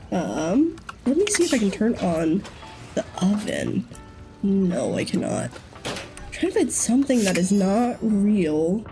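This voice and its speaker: A woman's voice: medium pitch, dark tone. A young woman giving chatty, thinking-aloud commentary while playing a game. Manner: chatty, giggly, thinking aloud with many ums. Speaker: let's-play streamer. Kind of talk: casual gameplay commentary. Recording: game music in the background.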